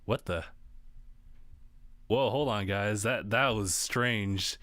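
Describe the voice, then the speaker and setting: An easygoing young man hosting a podcast, chatting casually and tossing in short hums and quips. His voice sits a little low. He comes through a home mic on an online call, dry and close. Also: slow, fairly bright tone, no room sound. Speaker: podcast host. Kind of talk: casual chat.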